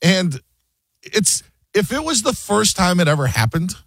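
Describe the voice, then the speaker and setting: A man's voice: high voice, big pitch swings, unhurried, a bit bright, no echo. A man hosting a sports radio show, chatting casually and joking, often mimicking other people mid-story.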